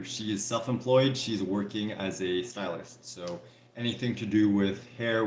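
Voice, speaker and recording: A man with a fairly low voice hosts a live stream and answers viewer questions in loose, casual chat. He speaks candidly, often restarting his sentences and filling them with "like." The sound carries a roomy echo. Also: slight background noise. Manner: relaxed and candid, with frequent restarts and "like".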